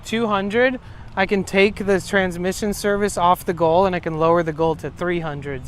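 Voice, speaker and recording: A young man chatting casually on a live stream from a city street, loose and chatty and swearing freely. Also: on the high side. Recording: faint street noise behind.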